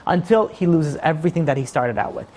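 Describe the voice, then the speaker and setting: Speaking quickly in a voice on the high side, a rabbi gives a sermon. He tells a story with animation, voicing each of its characters.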